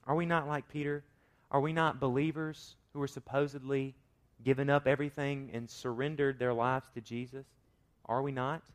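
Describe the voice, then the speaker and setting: A man preaching a sermon, swinging from loud emphatic points to quiet asides and asking his listeners rhetorical questions. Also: mid-range voice, level tone, normal speed. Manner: acts out quoted voices with rhetorical questions. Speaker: pastor.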